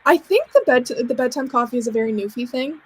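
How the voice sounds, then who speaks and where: A podcast host from Canada in casual conversation with a guest. Her voice sits a little on the high side, and she talks in loose, chatty rambles broken up by frequent laughter. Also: expressive, fast, breathy edge. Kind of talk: casual interview chat.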